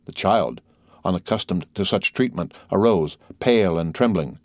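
A man narrating an audiobook of a classic novel in a measured, steady way. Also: sits low, no echo, studio quality.

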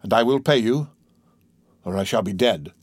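A man's voice: mid-range voice, fairly quick, no echo, clean studio sound, lightly acted. A man voicing a ruined middle-aged ship-owner who speaks formally and mournfully. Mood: grave.

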